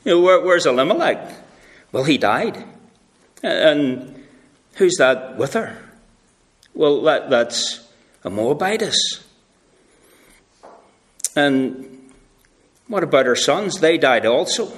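A man's voice: fairly high pitch, very animated, slow, long pauses. A man acting out chattering village women gossiping about a newcomer, in a chatty, nosy way. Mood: gossipy.

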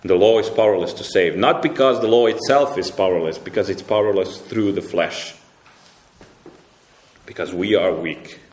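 Emphatic low-voiced preacher in echoey church. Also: male voice, normal speed, darkish tone. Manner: emphatic, repeats words and restarts, rises sharply when stressing a point. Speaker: pastor. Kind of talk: sermon. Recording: roomy echo.

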